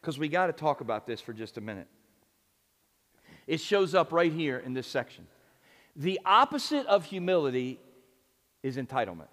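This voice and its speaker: A male pastor preaching a sermon in a relaxed, conversational way, asking his listeners questions. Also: on the high side, moderate pace, pauses often. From United States. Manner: conversational, asks the audience questions. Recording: long church reverb.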